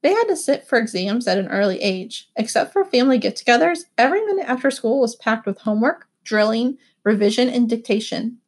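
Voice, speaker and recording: A woman reads a first-person story aloud with expressive, animated delivery. Her voice sits fairly high, and the narration has the steady shape of a scripted audiobook. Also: a little fast, few pauses, slightly rough.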